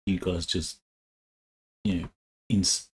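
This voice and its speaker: A man playing in a tabletop game, chatting casually and speaking in a slow, hesitant way. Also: low voice, level tone. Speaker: player. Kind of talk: casual chat while planning a tabletop game.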